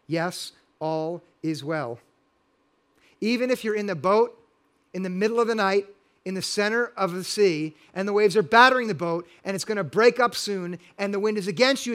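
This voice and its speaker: A man's voice: sits high, fairly bright tone. A middle-aged male pastor preaching a sermon, earnest and building to emphatic exhortation.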